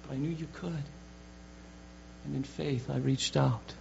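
A man's voice: mid-range voice, steady tone, measured pace, vocal fry, darkish tone. A man preaching, voicing a desperate, determined sick woman in an earnest, pleading way, on a dull recording with hum.

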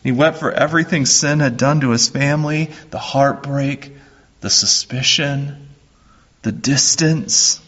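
A man preaching a sermon as a pastor, slow and earnest, repeating his phrases. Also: medium pitch, a bit bright, highs cut off.

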